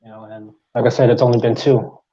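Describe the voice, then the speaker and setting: A man's voice: medium pitch, flat delivery, fast, warm tone, lo-fi sound. A man joining a live stream as a guest, talking casually and hesitantly with many fillers. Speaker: guest caller. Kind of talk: casual chat.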